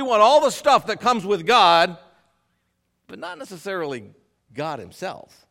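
A man preaching a sermon to a congregation in a church, swinging between loud emphatic lines and quiet asides. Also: high voice, unhurried. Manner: animated preaching with sudden loud and soft swings. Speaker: pastor.

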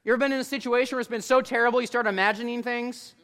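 A man preaching a sermon in an animated, conversational way, talking directly to his listeners. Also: very high voice, very fast.

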